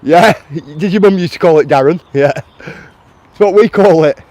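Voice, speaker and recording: A man's voice: high voice, a little slow, dark tone, no room sound. Chatty Lancashire man on a walk. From Lancashire, England. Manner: chatty, answers viewers' chat and calls them mate and guys. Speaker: live-stream host. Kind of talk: casual walking live stream. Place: outdoors in a town, near traffic.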